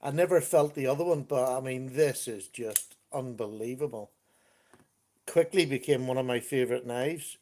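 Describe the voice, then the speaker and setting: A man's voice: medium pitch, normal speed, mellow. A man hosting a casual livestream chat, greeting viewers by name as he talks. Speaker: livestream host. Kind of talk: casual live-stream chat.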